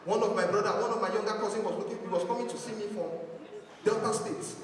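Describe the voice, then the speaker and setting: A man with a Nigerian accent performing a stand-up comedy set, telling animated stories and acting out his family. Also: high-pitched, quick pace, slight background noise. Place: church hall stage. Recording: echoey hall from far off.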